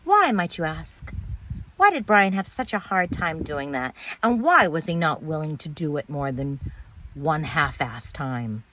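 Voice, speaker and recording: Low-voiced woman telling a bitter story. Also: big pitch swings, a little slow, pushed and bright, slight background noise. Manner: bitter, emphatic, repeats words, swears. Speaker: narrator of her own life story. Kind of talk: personal storytelling monologue.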